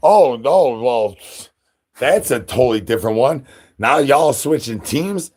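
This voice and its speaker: A man's voice: medium pitch, lively intonation, measured pace, darkish tone, husky. A man hosting a livestream, rambling in goofy nonsense wordplay and chants. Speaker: livestream host.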